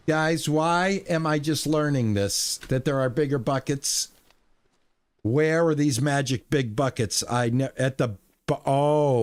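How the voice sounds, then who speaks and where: A man streaming a video game, talking through his play in a rambling, playful way with goofy exclamations. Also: fairly high pitch. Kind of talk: casual gameplay commentary.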